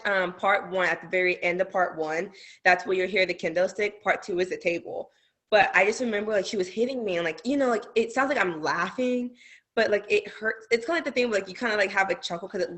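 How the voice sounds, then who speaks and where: A young adult woman, a guest wrestler, telling animated stories in a casual podcast chat with many fillers. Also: mid-range voice. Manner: animated storytelling, lots of fillers.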